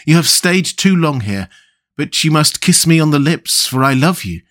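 A man plays a kind, sorrowful prince statue in a storybook reading. The voice sits noticeably higher than the reader's own and sounds tender and earnest. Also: big pitch swings, moderate pace, a bit bright.

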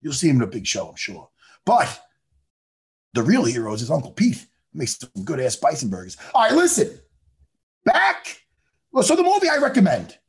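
A man talks in a gravelly, husky voice that swings up and down with lively pitch. He chats casually and animatedly, swearing freely and breaking into impressions. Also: fairly quick. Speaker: podcast co-host. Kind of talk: casual chat.

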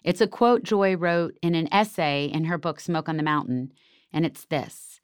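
Smooth-voiced woman in an interview. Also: deep voice, moderate pace, no echo, studio quality. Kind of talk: conversational interview.

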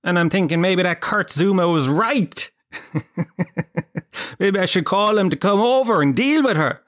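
An Irish man in a solo comic monologue, his voice sitting a bit higher than most men's. He rambles through anecdotes, swears freely and mocks himself with dry asides. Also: animated, a little slow. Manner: profane, self-mocking storyteller. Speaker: podcast host.

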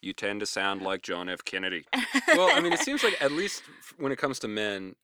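Deep-voiced, bright-toned man co-hosting a podcast. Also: huge pitch swings, fairly quick, a little hiss or hum. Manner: rambling and conversational, with fillers. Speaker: podcast co-host. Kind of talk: casual chat.

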